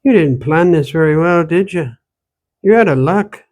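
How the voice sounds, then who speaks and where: A man doing a crusty, shrill old country woman. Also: expressive, moderate pace, a little mellow, lightly acted. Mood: irritable, scolding. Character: crusty old rural woman, irritable and scolding.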